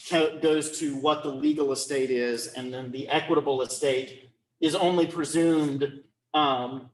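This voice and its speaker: A man's voice: a little high, reverberant, slight background noise. A man lecturing on law, explaining step by step and often checking whether students follow. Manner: checks understanding often, repeats phrases.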